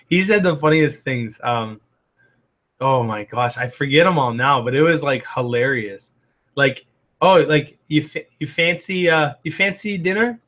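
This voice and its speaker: A man's voice: fairly high pitch, a bit bright. A man hosting a live stream, casually answering viewer comments in an upbeat, chatty way full of fillers and restarts. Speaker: host answering live chat.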